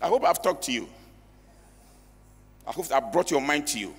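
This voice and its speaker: A man's voice: a little high, very animated, normal speed, a bit bright, breathy edge. A man, an elder preaching an emphatic sermon in a church and at times breaking into song. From Ghana. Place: church hall. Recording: reverberant church hall with music.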